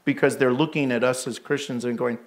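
A man's voice: mid-range voice, fairly even intonation, brisk. A middle-aged male pastor preaching a sermon, telling candid, self-deprecating stories with bursts of laughter.

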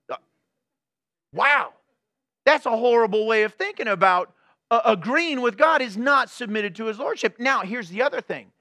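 A man's voice: extremely high pitch, lively intonation, moderate pace, long pauses, bright, forceful tone, dry recording. A male pastor preaching a conversational sermon, full of rhetorical questions and acted-out everyday scenes.

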